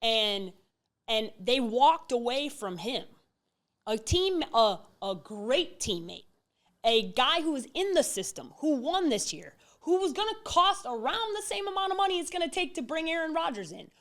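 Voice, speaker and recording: A woman's voice: high-pitched, sing-song, moderate pace. A woman co-hosting a sports podcast in a casual debate, blunt and opinionated, swearing casually. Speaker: podcast co-host.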